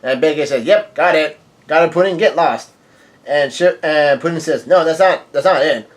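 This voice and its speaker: A man's voice: a little high, normal speed. A man casually reading comic dialogue aloud, often stumbling and correcting himself, with surprised outbursts. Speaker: manga reaction reader.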